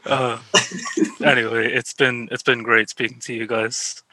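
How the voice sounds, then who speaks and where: A man's voice: medium pitch, measured pace, a little hiss or hum, poor audio. A British man co-hosting a podcast, chatting casually and joking. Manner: relaxed, joking, laughs often. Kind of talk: casual chat.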